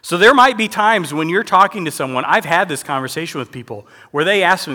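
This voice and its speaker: Guy preaching, chatty and animated, kinda high voice, lots of asides. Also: brisk, hardly any pauses. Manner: conversational, animated teaching with frequent asides. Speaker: pastor. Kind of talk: sermon. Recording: long hall reverb.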